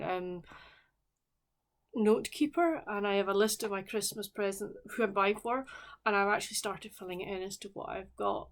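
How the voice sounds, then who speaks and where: A woman chatting casually as a book vlogger, rambling with friendly asides to her viewers. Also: mid-range voice. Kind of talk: casual vlog chat.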